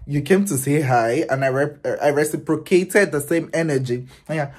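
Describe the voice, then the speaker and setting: A man, a vlogger telling a story in an animated, exasperated, profane casual rant. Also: on the high side, normal speed.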